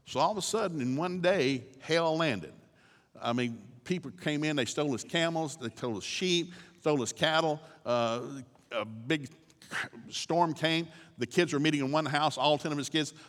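A man's voice: fairly high pitch, moderate pace, fairly bright tone, in a large hall. A man preaching as a guest speaker, telling the story with folksy humor. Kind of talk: sermon.

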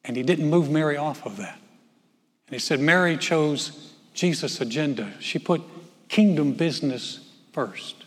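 A man's voice: a little high, lively intonation, moderate pace, pauses often, darkish tone, big-room sound. A man preaching a sermon as pastor, conversational and folksy, with joking asides. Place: church sanctuary.

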